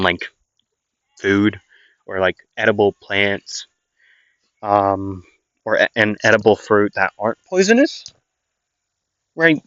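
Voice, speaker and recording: A man's voice: on the low side, a bit bright, clear, resonant tone, no echo. A man casually improvising a fan story, rambling, self-deprecating and full of fillers. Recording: dull lo-fi dry recording.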